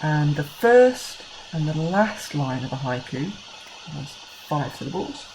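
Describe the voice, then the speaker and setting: A woman teacher with an English accent, talking young pupils through a recorded lesson and counting out syllables slowly and clearly. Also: deep voice, darkish tone, slight background noise, poor audio. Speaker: primary school teacher.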